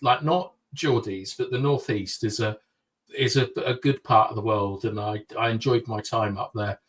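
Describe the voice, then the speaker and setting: Male co-host with dry, sarcastic humour. Mid-pitched, sits back from the mic. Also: a bit bright, distant mic. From North East England. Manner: dry, joking, with sarcastic asides. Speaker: podcast co-host. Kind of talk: casual chat.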